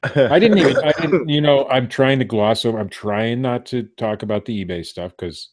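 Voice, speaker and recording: Recording from home, this middle-aged podcast co-host rambles through casual chat and keeps interrupting himself mid-sentence. He talks at a normal speed in a medium-pitched, slightly mellow voice.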